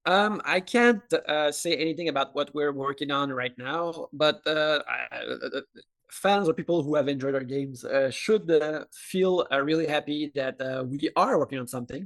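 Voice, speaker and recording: French Canadian man, halting answers. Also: a little high, fairly bright tone. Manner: hesitant, many filler uhs and restarts. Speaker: game studio representative. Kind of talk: video call interview answers.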